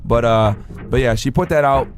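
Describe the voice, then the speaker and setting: A man's voice: medium pitch, moderate pace, faint music behind. A man on a podcast, talking crudely and dismissively. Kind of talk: podcast talk.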